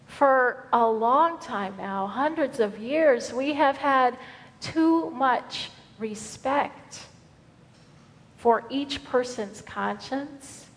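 A woman minister preaching in an earnest, conversational way. Her voice sits high and she speaks slowly and deliberately. A long reverb from the church hall trails behind her words. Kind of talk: sermon. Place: church sanctuary.

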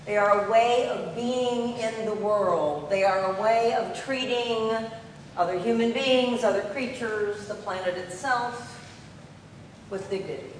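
A woman's voice: mid-range voice, unhurried, slight background noise. A woman giving an earnest, emphatic sermon in a church, repeating key phrases. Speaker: congregational life staff leader. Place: church sanctuary. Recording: echoey hall, distant mic.

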